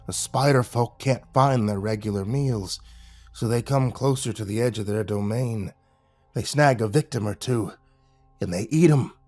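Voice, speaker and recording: A man voicing an older rural man who tells grim local lore in a slow, folksy drawl. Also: mid-range voice, a little mellow, faint music behind, natural voice. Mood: ominous.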